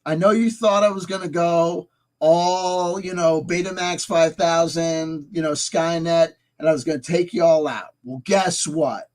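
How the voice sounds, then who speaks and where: A man voicing a calm, all-powerful AI supercomputer that speaks in slow, soothing, condescending reassurance. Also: on the high side, close to an everyday voice, low-quality recording.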